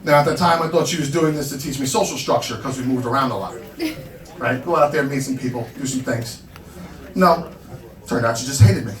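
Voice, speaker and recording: A man's voice: medium pitch, a little fast. A man in his thirties from Long Island doing a stand-up set in a small comedy club, telling brash, self-deprecating stories. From Long Island, New York. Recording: roomy club sound from a distance, loud crowd.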